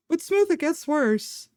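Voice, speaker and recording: On a live stream, a young adult woman tells a personal story in a chatty way, full of fillers and laughing between lines. Her voice is high and a little mellow, with no echo.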